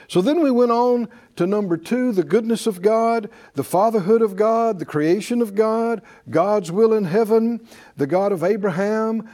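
A man's voice: sits high, warm tone. A man preaching a sermon, reading verses with emphatic rhythm and leading the congregation in repeated call-and-response. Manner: leads audience in repeated responses.

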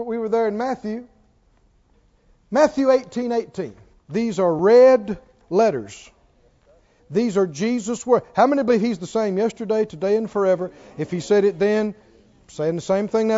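A high-pitched man with a dark tone delivers an emphatic sermon, throwing rhetorical questions at his listeners and drawing out key words. It's a reverberant, dull, lo-fi church recording.

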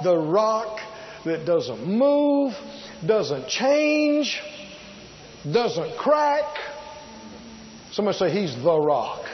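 A man's voice: sits high, dull audio. A man preaching a sermon, emphatic and drawn out, repeating key words and asking his listeners rhetorical questions. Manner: asks the congregation rhetorical questions.

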